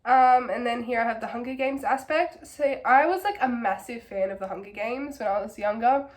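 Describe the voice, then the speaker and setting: A hoarse young woman with a cold, rambling enthusiastically through a casual book review and filling her talk with "like". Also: on the high side, moderate pace. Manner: rambling, filler-heavy, enthusiastic.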